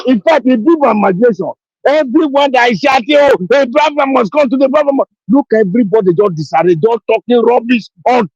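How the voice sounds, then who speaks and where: A woman's voice: fairly high pitch, husky, no room sound, highs cut off. A woman, speaking emphatically in a live audio chat, repeating herself and pleading. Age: 50s. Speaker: caller on an audio space.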